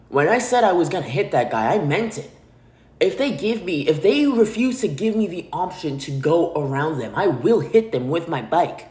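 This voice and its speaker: A man hosting a podcast, telling a story in a blunt, animated, profane way. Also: on the high side, moderate pace, reverberant. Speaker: podcast host. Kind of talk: casual storytelling monologue.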